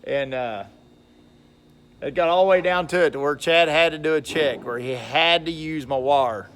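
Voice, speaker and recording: Brief: rambling folksy man, slightly raised pitch, casual vlog chat, faint crickets behind. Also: normal speed, a bit bright, a little hiss or hum. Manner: rambling, folksy, chuckles often. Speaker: logger and mill worker vlogger.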